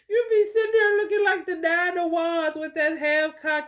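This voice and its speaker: Profane high-voiced woman spiritual vlogger. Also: normal speed, hardly any pauses. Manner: profane, animated, laughing asides. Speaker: spiritual reader. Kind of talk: casual spiritual commentary vlog.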